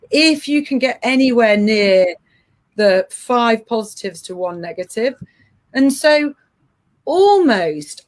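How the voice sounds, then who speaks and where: A middle-aged woman coaching parents, explaining earnestly with frequent restarts. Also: mid-range voice. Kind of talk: advice-giving podcast chat.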